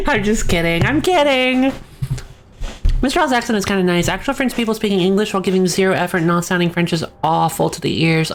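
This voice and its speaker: A woman's voice: mid-range voice, lively intonation, a little fast. A young woman streaming a game, chatting casually, laughing often and reading the on-screen text aloud. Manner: chatty, giggly, self-correcting.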